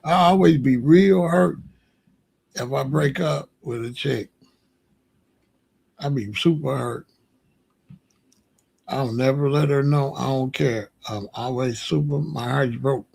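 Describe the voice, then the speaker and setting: A man's voice: medium pitch, slow pace, gravelly, long pauses, a little mellow, breathy edge. A man hosting a casual commentary show, talking bluntly and joking, often laughing at his own points. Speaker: show host.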